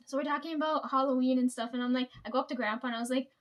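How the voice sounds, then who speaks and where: A young woman telling rambling, profane work stories to the camera and laughing often. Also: high-pitched. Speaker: vlogger. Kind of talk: casual storytelling.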